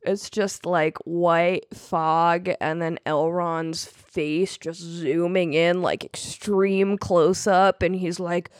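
A woman's voice: on the low side, flat delivery, takes it slowly, few pauses, no room sound, clean studio sound. A young woman co-hosting a podcast in casual chat, full of ironic self-mocking jokes. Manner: joking, ironic self-mockery. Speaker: podcast co-host.

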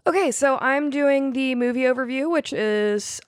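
A woman's voice: high voice, normal speed, no room sound, clean studio sound. A young woman co-hosting a podcast in casual chat, full of ironic self-mocking jokes. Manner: joking, ironic self-mockery. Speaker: podcast co-host.

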